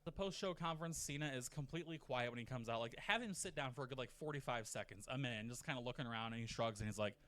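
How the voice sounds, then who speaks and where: A man narrating in a casual, profane, animated way, often slipping into mock quotes. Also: medium pitch, fast talker, few pauses. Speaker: narrator of a wrestling rebooking video. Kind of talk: casual scripted commentary.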